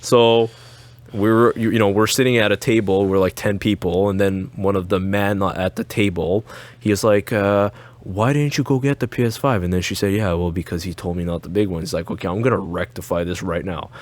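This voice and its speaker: A man's voice: fairly low pitch, brisk, no room sound. Chatty man telling a story, dry sound. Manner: animated storyteller, acts out quotes, laughs often. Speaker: podcast co-host. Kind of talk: casual chat.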